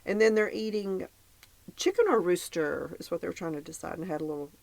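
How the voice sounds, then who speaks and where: A woman's voice: on the low side, fairly quick, vocal fry, darkish tone, no echo. Chatty woman laughing through a recap. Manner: chatty, laughs often, reads her notes aloud. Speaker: podcast co-host. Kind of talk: casual recap chat.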